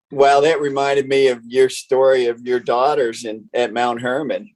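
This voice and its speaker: A man's voice: medium pitch, steady tone, unhurried, poor audio. A man, a musician and guest, who adds brief teasing remarks in casual chat.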